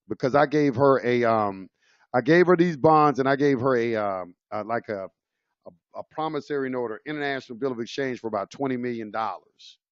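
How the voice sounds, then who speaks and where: A man's voice: mid-range voice, dry recording. Rambling man telling a story, dull audio. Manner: rambling, loose and conversational, many fillers and restarts. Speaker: presenter. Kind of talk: casual storytelling.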